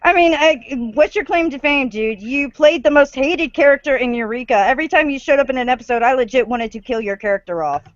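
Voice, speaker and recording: Woman, fairly high voice, dry close sound, muffled lo-fi voice chat, reads an article aloud, sarcastic asides. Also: fairly quick, few pauses, dry recording. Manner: sarcastic asides while reading. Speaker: stream co-host reading an article aloud. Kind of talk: casual chat and reading aloud.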